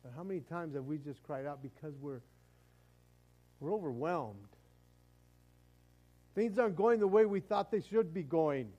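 A man's voice: fairly high pitch, animated, unhurried, pauses often, mellow, poor audio. A man preaching a sermon in a conversational way, often stumbling and restarting his words. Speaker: pastor.

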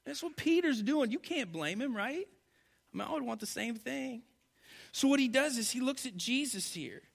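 A male pastor with a very high-pitched, creaky voice preaches a sermon from a church stage at a moderate pace. He alternates between loud, animated stretches and quiet, hushed moments.

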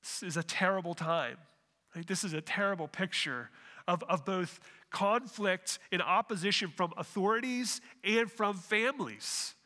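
Bright-voiced man preaching in a hall. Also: high voice, normal speed. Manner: earnest preaching with rhetorical questions and restarts. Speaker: pastor. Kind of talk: sermon.

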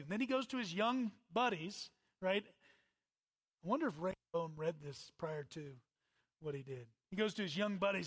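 A man preaching a conversational sermon, swinging from loud emphatic bursts to quiet asides. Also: high-pitched, expressive, normal speed. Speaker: pastor.

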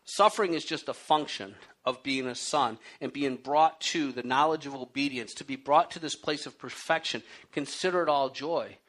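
A man preaching a sermon, telling stories from his own life with animated delivery and then reading scripture aloud and explaining it. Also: medium pitch, normal speed, few pauses. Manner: animated storytelling, acting out his own pleas and rising to loud cries. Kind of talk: sermon with personal testimony.

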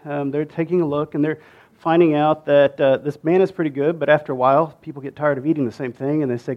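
A man's voice: a little high, fairly even intonation, fast talker, a little mellow, lo-fi sound. A man retelling a Bible story in a casual, conversational way, with many fillers, restarts and asides to the listener.

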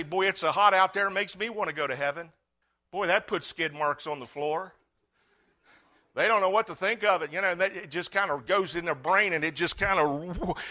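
A middle-aged man preaching a sermon, swinging between loud fervent cries and quiet earnest talk. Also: high voice. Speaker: pastor.

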